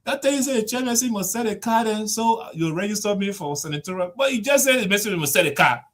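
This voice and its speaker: A man doing a loud, high-pitched party chairman. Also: animated, fast. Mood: scolding. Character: excitable middle-aged male party chairman.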